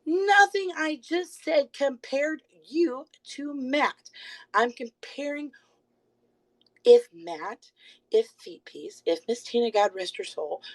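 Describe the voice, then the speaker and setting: A woman live streaming, confronting someone with rapid, repeated pointed questions while insisting she is calm. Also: fairly high pitch, rough recording. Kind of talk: livestream call-out rant. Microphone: phone.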